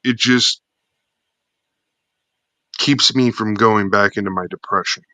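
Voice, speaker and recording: A man in his forties, a guest in a casual chat, talking in a halting, hesitant way full of fillers. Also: fairly low pitch, fairly even intonation, sharp tone, no echo, low-quality recording.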